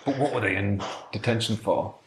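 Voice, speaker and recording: A man telling an improvised comic story in a relaxed, conversational way. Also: on the low side, brisk. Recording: echoey room.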